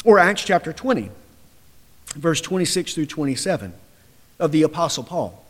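A man preaching a sermon with forceful, emphatic delivery, building to loud declarations and dropping low again. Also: sing-song, normal speed, long pauses, long reverb tail.

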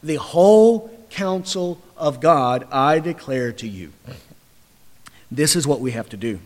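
A man preaching a sermon with forceful, emphatic delivery, building to loud declarations and dropping low again. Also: animated, takes it slowly, big-room sound.

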